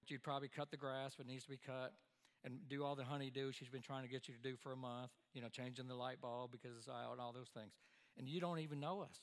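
A man's voice: medium pitch, level tone, fast talker. A man, preaching a sermon to parents in a folksy way and repeating his key phrases for emphasis. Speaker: pastor. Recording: long hall reverb.

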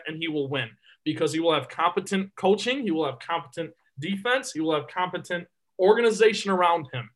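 High-voiced, emphatic man talking sports. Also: brisk, hardly any pauses, rough recording. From Detroit area. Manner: emphatic, repeats words when excited. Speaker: podcast co-host. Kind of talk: casual sports podcast chat.

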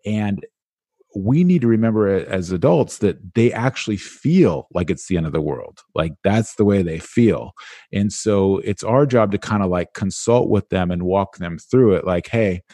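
A man being interviewed as an education guest, talking in a casual, animated way with lots of "like". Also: deep voice, dry recording, studio quality. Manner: animated, casual, with many "like" fillers. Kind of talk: conversational interview.

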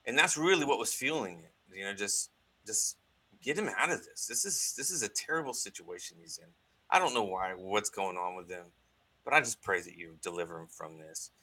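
A man, a guest on a talk show, telling a personal story in an earnest, halting way with many restarts. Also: on the low side, animated, pushed and bright, slightly rough, poor audio.

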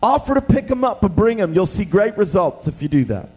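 A young man preaching a sermon, telling stories with lively acted-out voices. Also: high voice, brisk, husky. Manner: animated storytelling, acts out voices. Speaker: pastor.

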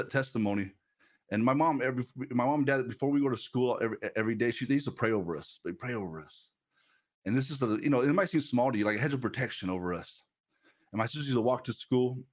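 A male pastor delivering a sermon at an ordinary middle pitch. He talks in a loose, conversational way, repeating words and restarting sentences as he tells personal stories, with a laugh now and then.

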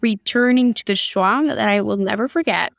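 A young adult woman from Argentina with an Argentine Spanish accent, a guest telling animated stories in an interview. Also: medium pitch, moderate pace, gravelly, dry recording, clean studio sound. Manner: animated storyteller, laughs often. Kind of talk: conversational interview.

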